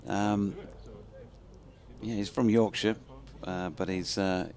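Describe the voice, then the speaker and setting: A man's voice: fairly low pitch, fairly even intonation, darkish tone. A man commentating live on cricket, calling each ball and trading dry quips with his co-commentator. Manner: dry, quick wit in banter.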